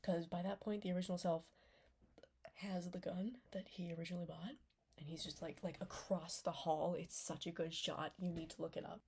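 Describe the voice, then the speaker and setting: A woman's voice: on the low side, level tone, normal speed, darkish tone, slightly rough. A young woman recapping a TV series in a casual, rambling way, full of fillers and often dropping into a whisper. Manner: rambling, lots of "like", drops into whispers. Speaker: vlogger reviewing a TV series.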